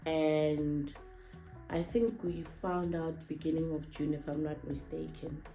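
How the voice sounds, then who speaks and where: Woman vlog host, lowish voice, unhurried, teasing, hesitant at times. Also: flat delivery, vocal fry, dark tone, faint music behind, low-quality recording. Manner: playful, teasing; hesitant, searching for words. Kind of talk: casual couple vlog chat.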